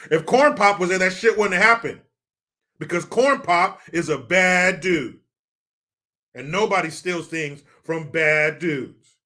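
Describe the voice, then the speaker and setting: A man's voice: sits high, takes it slowly, long pauses, pushed and bright. A man hosting a live commentary stream, reading chat comments in a mock-serious, sarcastic and profane way.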